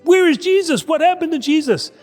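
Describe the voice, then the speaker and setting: A man voicing panicked, grieving women at the tomb, raising his pitch and speaking urgently. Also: animated, fairly quick, long reverb tail, faint music behind.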